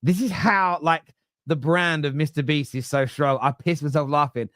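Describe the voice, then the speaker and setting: A man's voice: a little high, fairly even intonation, moderate pace, a bit bright, no echo, studio quality. A man in his thirties from England, hosting a casual football podcast, swearing freely and acting out quotes. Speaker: podcast host.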